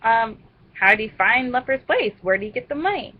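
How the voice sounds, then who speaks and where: Brief: young woman, slightly high, husky voice, chatty and animated, dull lo-fi recording. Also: brisk. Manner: animated, rambling, laughs at her own jokes. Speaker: vlogger reviewing a book. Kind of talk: casual book discussion.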